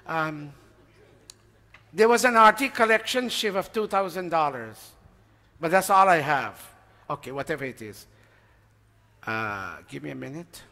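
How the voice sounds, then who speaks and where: In a reverberant temple hall, a man with a slightly high voice makes informal announcements to the congregation, reading out donor names in a chatty way. His intonation is lively and his pace measured, with frequent pauses and a sharp edge to his tone. He stops now and then to ask the audience and admits when he forgets a name.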